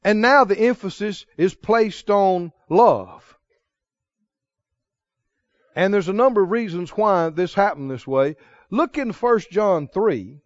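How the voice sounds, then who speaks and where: A man's voice: sits high, no echo, lo-fi sound. A man preaching a sermon, asking the congregation questions and repeating answers for them to call back. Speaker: pastor.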